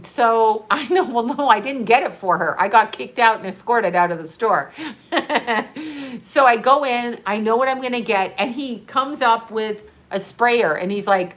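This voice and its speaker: A middle-aged woman telling a story in a casual livestream, animated and profane, laughing often. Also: fairly high pitch, normal speed. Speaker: live streamer.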